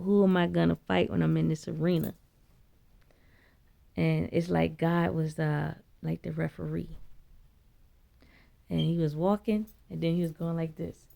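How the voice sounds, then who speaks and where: A woman telling a spiritual story in a blunt, profane, chatty way, her voice leaping high when she quotes herself. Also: vocal fry, dark tone. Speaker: vlogger. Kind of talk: casual spiritual storytelling monologue.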